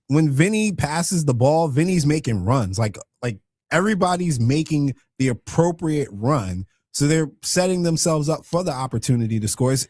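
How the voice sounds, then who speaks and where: A man co-hosting a morning sports radio show, breaking down soccer plays in a relaxed, analytical way. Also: a little high, dry recording, clean studio sound. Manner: analytical, laid-back, chuckling.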